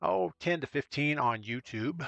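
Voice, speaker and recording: A man with a bright, forceful voice chats easily with viewers as he streams a game. He talks straight to his audience between plays, in a casual, running-commentary way. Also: a little high, lively intonation, measured pace, vocal fry, no room sound. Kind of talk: casual live-stream commentary while gaming.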